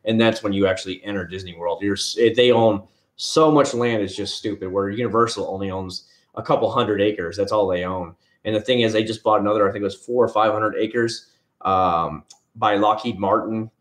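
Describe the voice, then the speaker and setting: A man's voice: lowish voice, moderate pace. A man hosting a casual livestream from home, rambling and answering viewers' comments by name. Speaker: livestream host. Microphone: headset.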